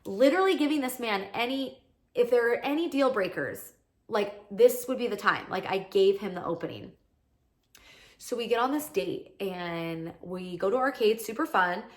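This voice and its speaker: A woman's voice: medium pitch, animated, moderate pace. A woman in her thirties hosting a podcast, telling a story in a casual, chatty monologue full of "like". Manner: chatty, peppered with "like", acts out quoted lines. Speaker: podcast host.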